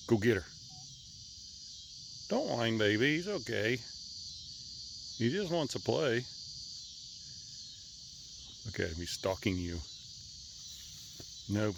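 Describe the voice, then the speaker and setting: A man's voice: mid-range voice, creaky, a bit bright, a little hiss or hum. A man chatting playfully to his pets outdoors by a river, teasing, coaxing and laughing often. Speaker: pet owner filming his animals. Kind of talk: casual talk to pets.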